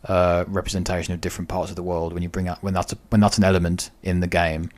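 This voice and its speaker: A man's voice: deep voice, level tone, fast. A man co-hosting a podcast in casual discussion, thoughtful and weighing each side of the question. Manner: thoughtful, weighs both sides. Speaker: podcast co-host.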